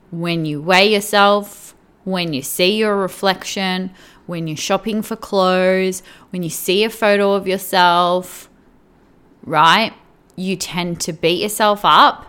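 A woman's voice: fairly low pitch, fairly bright tone, smooth. A woman coach giving earnest direct advice to the viewer, often checking in with "right?" and "okay?". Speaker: weight-loss coach.

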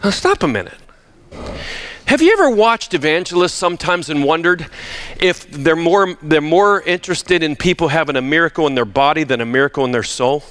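Bright-voiced, animated preacher man. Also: a little high, a little fast, clear, resonant tone. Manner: emphatic, animated, with frequent restarts. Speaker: pastor. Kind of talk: sermon. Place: church sanctuary.

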